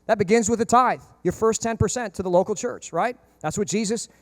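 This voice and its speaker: A man preaching a lively, chatty sermon at a brisk clip, his voice sitting fairly high for a man. He slips into the voices of the people he quotes and throws in dry jokes as he goes. The sound is close and dry, with little room to it. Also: no room sound. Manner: animated, conversational, acts out quoted voices; humorous asides. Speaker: pastor.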